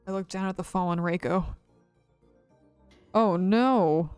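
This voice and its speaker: A woman streamer reads a visual novel aloud and drops in her own gasps and reactions. Her voice is on the low side and she takes her time. She sits close to the mic in a dry, dead sound. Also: slow pace, long pauses, darkish tone, clean tone, no echo, faint music behind.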